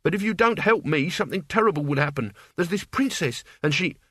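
A man's voice: a little high, expressive, a little fast, bright, forceful tone, husky, dry recording, clean studio sound, voice pushed up, heavily acted. A man doing an earnest, tired young lad. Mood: pleading. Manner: pleading, tired.

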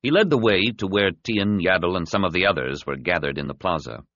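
A man narrating a science fiction novel in an expressive, dramatic reading. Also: deep voice, fairly quick, no room sound. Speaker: audiobook narrator. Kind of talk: scripted narration. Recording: slightly dull, dry studio recording.

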